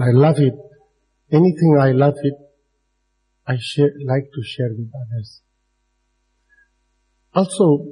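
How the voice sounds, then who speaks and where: In a low-quality recording, a Buddhist dharma teacher with a mellow, husky, medium-pitched voice addresses a live audience. He speaks broken, non-native English directly to his listeners and chuckles often.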